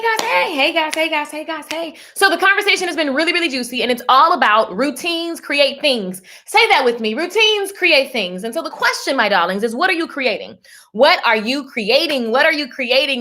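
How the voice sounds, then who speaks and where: Lively bright-voiced woman live-stream host. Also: high voice. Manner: animated, preachy, calls viewers darling. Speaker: livestream host. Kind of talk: motivational live-stream chat.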